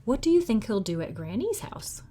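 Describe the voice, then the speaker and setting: Expressive storytime librarian woman. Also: on the high side, normal speed, slight background noise. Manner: expressive, asks children questions. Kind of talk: children's read-aloud storytime.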